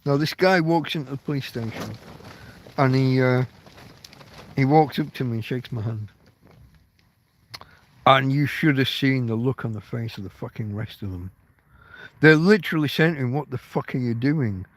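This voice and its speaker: A medium-pitched male voice at an ordinary pace, broken up by long pauses. The speaker is a middle-aged English vlogger tearing up while telling a rambling personal story to camera, full of swearing and restarted sentences.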